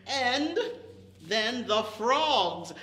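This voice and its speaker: A man's voice: very high voice, expressive, extremely slow, pushed and bright, roomy sound. A man leading a toddler storytime, telling a story with playful animal and vehicle noises. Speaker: children's librarian. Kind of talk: toddler storytime with sound effects.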